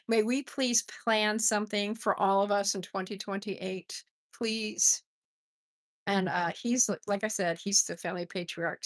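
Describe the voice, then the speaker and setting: A middle-aged woman with a gravelly, fry-edged voice hosts a poetry livestream. She reads poems aloud between chatty asides, greets viewers by name and laughs at herself. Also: medium pitch, fairly bright tone.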